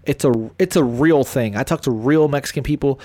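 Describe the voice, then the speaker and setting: Guy, 30s, casual profane storyteller, mid pitch, dry close sound. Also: brisk, no echo. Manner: animated, profane, acts out voices.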